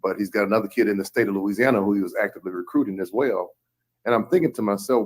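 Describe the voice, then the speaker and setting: A man with a fairly low voice tells a story at a brisk, rapid clip. His delivery is casual and conversational, as in relaxed sports talk.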